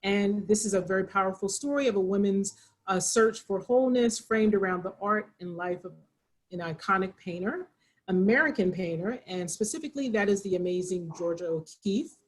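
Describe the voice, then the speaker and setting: A woman's voice: medium pitch, moderate pace, slightly rough, rough recording. A woman with a Pennsylvania accent hosting a library video call, chatty and rambling with frequent restarts. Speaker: library program host. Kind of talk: casual moderated video call.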